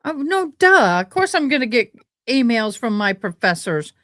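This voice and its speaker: A woman's voice: fairly high pitch, sing-song, moderate pace, fairly bright tone, no echo. A woman hosting a casual livestream chat, rambling and exclaiming as she talks. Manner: rambling, exclaiming, self-interrupting. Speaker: livestream host.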